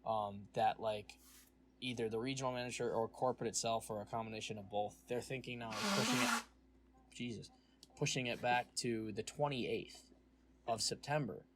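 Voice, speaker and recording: A young man rants through a workplace story on a casual podcast, swearing freely and slipping into the voices of the people he quotes. His voice sits at a middling pitch. A faint hiss of noise runs underneath. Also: normal speed. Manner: ranting storytelling, profane, acts out quoted voices. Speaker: podcast host. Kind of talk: casual chat.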